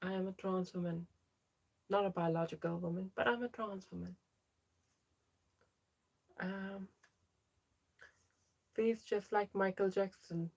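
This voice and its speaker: A woman's voice: medium pitch, fairly even intonation, a little slow, creaky, long pauses, a little mellow. A young trans woman hosting a casual livestream, chatting as she reads out viewer names and answers their comments. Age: young adult. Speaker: livestream host.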